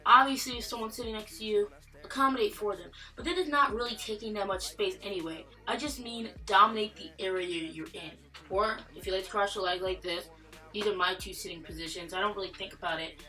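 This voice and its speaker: A man's voice: sits high, a little fast, bright, forceful tone, faint music behind. A man casually giving advice in a vlog, rambling and joking with fillers and asides.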